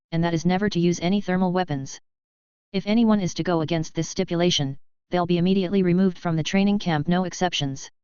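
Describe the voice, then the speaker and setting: A woman voicing a stern, cold male battalion commander with a severe voice, in a measured, even delivery. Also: on the low side, clean tone, no echo, lightly acted. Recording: slightly dull dry recording.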